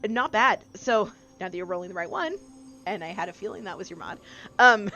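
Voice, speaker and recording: A woman's voice: medium pitch, a little fast, sharp tone, faint music behind. A woman narrating as game master in a tabletop game, hesitant and laughing often.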